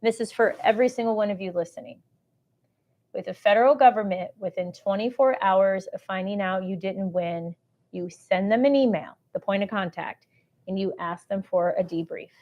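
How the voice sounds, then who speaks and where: A woman with a mid-range voice speaks at normal speed over dull audio while hosting a live stream selling government contracting. She chats in a salesy way, reading viewer comments aloud and answering them.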